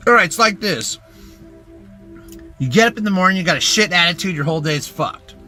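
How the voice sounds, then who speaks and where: A young man rants in a bright, forceful voice, swearing constantly as he rambles between big hype and muttered asides. His pitch swings widely from line to line, and he sounds like a loose self-help pitch clipped from a social video. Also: expressive, a little fast, faint music behind. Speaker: TikTok ranter. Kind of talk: profane self-help rant.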